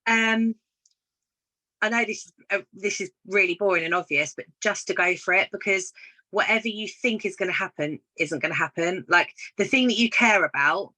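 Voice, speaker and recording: A woman chats as a guest on a casual live video call, telling encouraging anecdotes and voicing the people in them. Her voice sits at a middle pitch with a bright, forward tone. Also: moderate pace, poor audio. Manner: storytelling, encouraging, acts out quoted dialogue. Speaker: guest business consultant.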